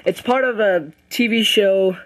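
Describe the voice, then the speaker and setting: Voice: mid-range voice, measured pace, poor audio. A casual movie reviewer retelling a plot in a rambling way, full of fillers and restarts.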